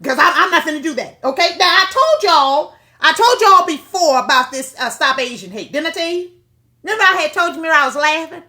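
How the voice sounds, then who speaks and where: Blunt, high bright-voiced woman ranting. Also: lively intonation, brisk. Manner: blunt, profane, preachy rant. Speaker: online commentator. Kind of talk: casual opinion monologue.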